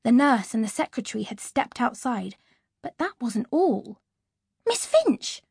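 Woman audiobook narrator, first-person, lively and expressive, breathy, fairly high, dry close studio mic. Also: normal speed, dry recording.

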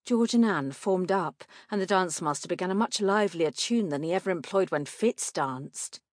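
A woman narrating an audiobook in a measured, clear way. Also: fairly low pitch, expressive, no echo, studio quality.

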